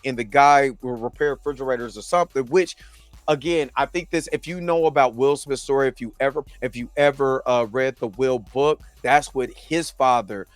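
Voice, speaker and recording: A man's voice: mid-range voice, moderate pace, dry recording, soft background music. A man hosting a show, recapping a TV episode in a casual, conversational way and often asking "you know what I mean". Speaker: show host reviewing a TV episode.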